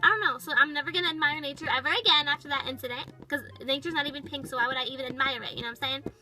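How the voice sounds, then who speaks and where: A woman's voice: sits high, rapid-fire, bright, forceful tone, faint music behind, rough recording. A woman voicing a bratty, dramatic young female toy pet, telling a toy storytime with valley-girl chatter full of "like". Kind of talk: toy-figure storytime narration.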